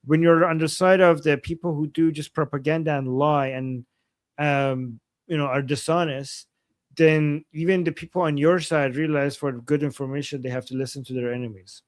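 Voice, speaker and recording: A man's voice: fairly high pitch, fairly even intonation, moderate pace, no echo, studio quality. A man co-hosting a live stream in casual chat, rambling and restarting his sentences with lots of "like.". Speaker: co-host of a live analysis stream.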